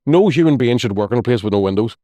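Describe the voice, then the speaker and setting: Northern irish lad rattling off stories quick, swears a lot, dry close mic. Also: male voice, medium pitch, no echo. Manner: animated storyteller, swears freely, acts out quotes. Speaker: comedian guest. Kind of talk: casual podcast chat.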